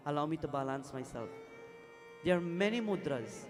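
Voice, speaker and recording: Pundit guy giving a temple sermon, kinda high voice, music going behind him. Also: expressive, normal speed. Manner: storytelling, acts out quoted voices, breaks into devotional song. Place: temple hall during a festival night.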